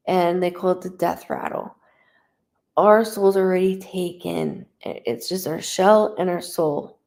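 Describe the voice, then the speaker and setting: A woman doing a live psychic reading in a mellow voice with a gravelly edge. She talks casually and with feeling, and she lifts her voice whenever she passes on what a spirit says. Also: fairly low pitch. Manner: emotional, conversational, relays quotes in a lifted voice. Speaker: psychic medium.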